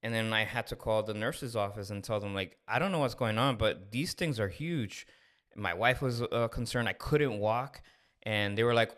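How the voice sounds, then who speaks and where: At a moderate pace and medium pitch, a man in his thirties co-hosting a podcast tells a candid story from his own life. He stays animated in this casual storytelling and acts out the dialogue along the way.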